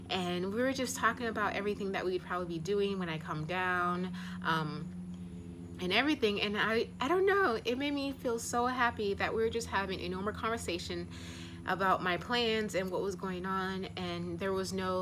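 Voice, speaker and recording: A woman's voice: mid-range voice, noisy background. A young woman from the United States talking candidly in a personal travel vlog, heartfelt and rambling with lots of fillers. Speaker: travel vlogger.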